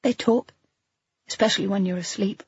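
A woman voicing a gentle, worried woman friend who speaks quietly and pleadingly in an audiobook. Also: medium pitch, steady tone, normal speed, husky, dry recording, lo-fi sound. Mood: quietly probing. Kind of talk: audiobook character voice.

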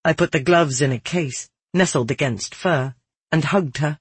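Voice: medium pitch, normal speed, husky, dry recording. Narrateur à la voix voilée et sèche. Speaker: audiobook narrator. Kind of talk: first-person fiction narration.

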